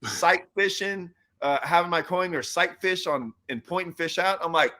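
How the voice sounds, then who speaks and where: A man hosting a laid-back chat, with a sharp, forceful voice pitched a bit high. He jokes loosely and retells his own side of the story in quoted lines. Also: moderate pace. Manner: loose, joking, quotes himself in stories. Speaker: host and pro angler. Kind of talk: casual chat.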